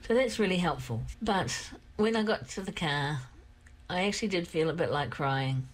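An older woman with a croaky throat, telling a personal story in a rambling, candid way. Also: on the low side, lively intonation, normal speed, poor audio. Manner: rambling, candid, repeats herself. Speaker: vlogger.

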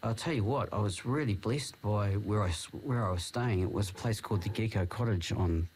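A man, hosting a casual radio chat about faith, gentle and affirming with small hesitations. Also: fairly low pitch, a little fast, slight background noise.

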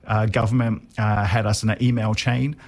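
A man's voice: on the low side, little pitch movement, moderate pace. A man in his forties with a New Zealand accent, a comedian guest talking in a wry, self-deprecating way with many restarts. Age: 40s. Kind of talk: casual interview chat.

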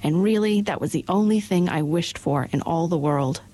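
A woman doing a gentle tin woodman. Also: lowish voice, natural voice. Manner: gentle, measured. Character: tender-hearted male tin woodman.

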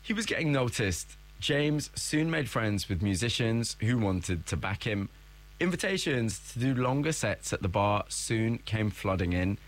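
Low-voiced male presenter narrating. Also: big pitch swings, unhurried. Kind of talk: scripted narration.

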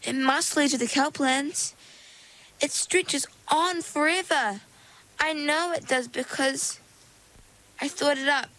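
A woman's voice: high-pitched, slow, pauses often, fairly bright tone, voice pushed up, poor audio. An eager, wistful young girl speaks in a lifted, breathless voice, as a woman reading the story puts her on. She sounds hopeful and a little urgent.

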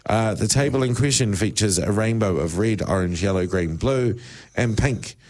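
A man's voice: on the low side, moderate pace, darkish tone. A man presenting a chat show, reading news stories aloud with laughing asides and bursts of mock panic. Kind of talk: casual chat show banter. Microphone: studio microphone.

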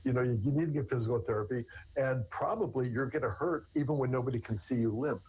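Husky-voiced male therapist, lo-fi sound. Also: medium pitch, fast talker. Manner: rambling, restarts with repeated words. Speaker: therapist guest. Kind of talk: interview answers. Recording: dull lo-fi recording.

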